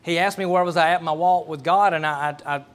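A man's voice: fairly high pitch, steady tone, fast. A middle-aged man, preaching a sermon in a folksy, storytelling way and often restarting his words. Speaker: pastor.

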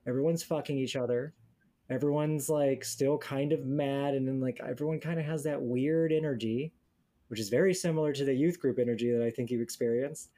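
A young man talks casually on a podcast with a dark, mellow voice. He tells stories bluntly and sardonically. He swears freely and mimics the people he describes. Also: mid-range voice, a little fast. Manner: blunt, profane, sardonic storytelling with mocking quoted voices. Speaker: podcast co-host. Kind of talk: casual chat.

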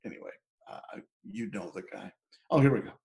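A middle-aged man co-hosts a chatty podcast, joking with his friend and laughing easily. His pitch swings up and down in a lively way, and he sometimes trails off while hunting for a name. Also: a little fast, gravelly. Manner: playful, laughs often, gropes for names. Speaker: podcast co-host. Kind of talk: casual chat.

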